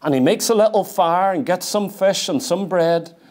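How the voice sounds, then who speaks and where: A man's voice: sits high, moderate pace, a little mellow. A man preaching a sermon in church, earnest and emphatic, repeating his key points and reading scripture aloud. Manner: reads scripture aloud in King James wording.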